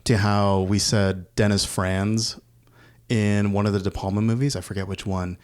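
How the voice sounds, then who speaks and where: A man's voice: lowish voice, normal speed, clear, resonant tone. Easygoing man chatting about movies. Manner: laughs often, lively asides. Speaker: podcast co-host. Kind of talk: casual film discussion.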